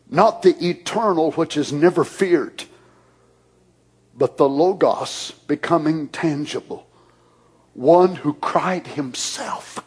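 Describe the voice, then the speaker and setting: Husky high-voiced preacher guy, goes from hushed prayer to shouting. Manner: prayerful, swings from hushed whispers to shouted fervor. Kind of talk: sermon.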